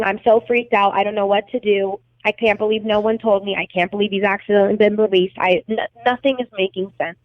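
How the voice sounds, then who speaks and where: A young adult woman, appearing as a podcast guest, tells an emotional story in a blunt, agitated way, swearing heavily. Her mid-range voice comes through a tinny, phone-like line that is dry, with no echo.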